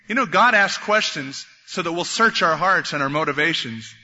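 A man preaching a sermon, animated, acting out the voices of biblical figures as he goes. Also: on the high side, moderate pace. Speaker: pastor. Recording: dull lo-fi recording in a reverberant hall.

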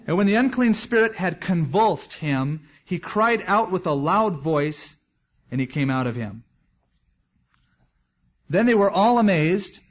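A man's voice: fairly high pitch, dull audio. A man as pastor, preaching a verse-by-verse expository sermon in a conversational way with joking asides.

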